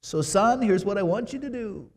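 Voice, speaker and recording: A preacher voicing an imagined fretful middle-aged mother in a strained, high mock-woman voice. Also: lively intonation, normal speed, in a large hall. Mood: bossy.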